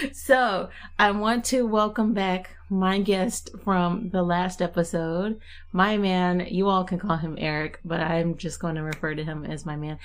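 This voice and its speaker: Chatty woman podcast host, slightly low voice. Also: unhurried. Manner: chatty, laughs often, relaxed and warm-hearted. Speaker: podcast host and tarot reader. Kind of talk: casual podcast chat.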